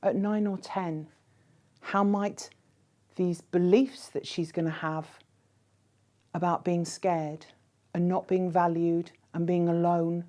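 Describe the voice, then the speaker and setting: A woman giving a conference keynote speech in a measured way, posing rhetorical questions to the audience. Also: lowish voice, fairly even intonation, dark tone. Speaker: keynote speaker.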